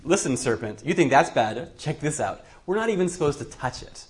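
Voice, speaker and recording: A man's voice: on the high side, expressive, fairly quick, close to an everyday voice. A male preacher voicing Eve as a young woman who complains sarcastically in an exaggerated way. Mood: sarcastic griping.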